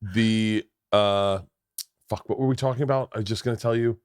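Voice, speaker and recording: A man hosting a casual comedy podcast, telling rambling, animated stories and slipping into impressions. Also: lowish voice, normal speed, clean tone, no room sound, clean studio sound. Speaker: podcast host.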